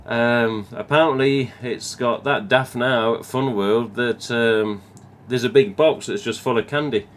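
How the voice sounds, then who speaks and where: A man's voice: mid-range voice, a little slow, hardly any pauses, a little hiss or hum. A man with an English Midlands accent hosting a live stream, chatting casually and reading viewer comments, rambling and swearing now and then. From England.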